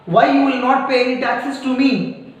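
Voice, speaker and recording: A man's voice: extremely high pitch, normal speed. A man teacher with an Indian English accent voicing an angry haughty king who scolds his subjects with indignant questions. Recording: echoey room, voice from a distance.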